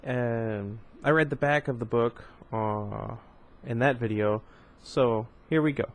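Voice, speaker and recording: A man's voice: medium pitch, fairly even intonation, a little slow, few pauses. A man with a slight lisp reading a novel aloud, with chatty asides between passages. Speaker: book reader.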